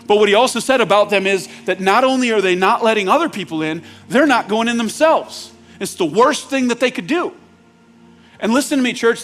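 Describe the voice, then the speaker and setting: Male pastor, fairly high voice, casual but urgent sermon, faint music underneath. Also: fairly bright tone. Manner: conversational and urgent, building to emphatic peaks. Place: church sanctuary.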